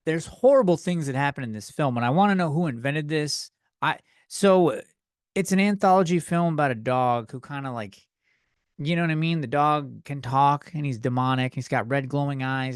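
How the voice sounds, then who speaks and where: Young male podcast host, slightly high-pitched, rambling profane rant, dry close-mic sound. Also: no room sound. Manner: rambling, profane, self-deprecating. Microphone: desk microphone.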